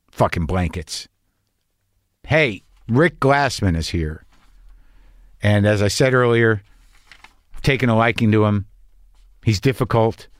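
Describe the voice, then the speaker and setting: A man's voice: lowish voice, no echo, clean studio sound. An older man hosting a podcast, riffing in a neurotic, rambling, profane comedic monologue. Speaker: podcast host. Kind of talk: comedic monologue and casual conversation.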